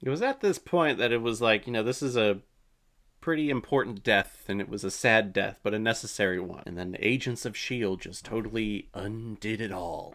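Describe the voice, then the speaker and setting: A man's voice: lowish voice, fairly bright tone. A man hosting a casual movie reaction, chatty and opinionated, swearing now and then.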